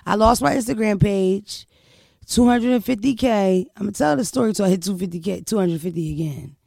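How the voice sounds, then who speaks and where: A woman in casual podcast talk, brash and loud-mouthed, punching her points with profanity. Her voice has a gravelly edge. The sound is close and dry. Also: mid-range voice, brisk, dry recording. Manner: brash, profane, emphatic storytelling. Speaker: podcast host. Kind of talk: casual storytelling chat.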